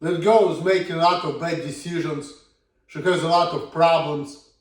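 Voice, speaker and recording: A man's voice: on the high side, fairly even intonation, moderate pace. A man in his thirties with a Russian accent, ranting bluntly and swearing a lot in a casual monologue. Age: 30s. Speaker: vlogger. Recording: echoey room, from far off.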